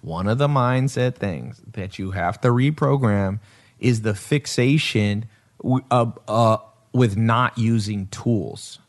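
A man's voice: on the low side, slow. A man hosting a casual podcast, telling stories emphatically and laughing often. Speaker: podcast host.

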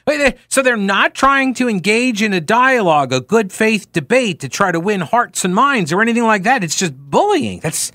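A man hosting a political talk radio show, commenting with mocking, wry sarcasm and lively interjections. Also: high-pitched, normal speed, hardly any pauses, no echo, clean studio sound.

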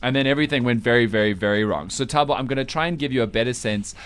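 A man's voice: medium pitch, racing, a bit bright, clear, resonant tone, soft background music. A man hosting a breakfast radio show, chatty and teasing, laughing often. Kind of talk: casual radio banter.

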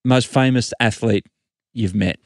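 A man's voice: medium pitch, a little slow, dry recording. An Australian man co-hosting a sports podcast, telling stories in a laid-back, dry, teasing way. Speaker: podcast co-host, rugby league journalist. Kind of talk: casual chat.

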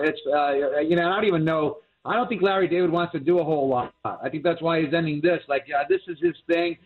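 Man, TV critic, phone-line sound, slightly high voice, rambling, hiccuping. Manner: rambling, many restarts and fillers. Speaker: TV critic guest. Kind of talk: casual chat about TV.

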